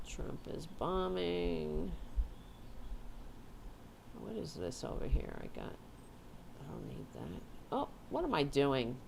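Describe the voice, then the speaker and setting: A woman hosts a casual livestream, rambling and swearing as she chats and talks to her cat. Her voice is low and creaky, with a little hiss or hum in the recording.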